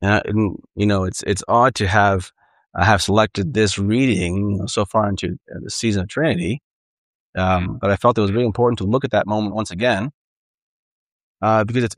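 A man's voice: on the low side, dry recording. A man preaching a sermon in an earnest, conversational way, often repeating and restarting phrases. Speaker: pastor.

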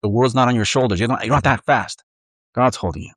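A man preaching in an easygoing, conversational way, often slipping into acted-out inner voices and restarting phrases. His voice sits at an ordinary middle pitch. The sound is dry and close, with little room around it. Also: quick pace, a bit bright, dry recording, rough recording. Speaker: pastor. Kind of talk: sermon.

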